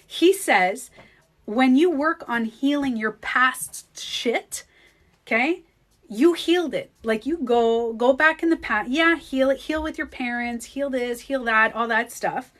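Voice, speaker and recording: A woman chatting casually on a livestream, animated and laughing often, acting out her own thoughts. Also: sits high. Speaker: beauty coach and vlogger.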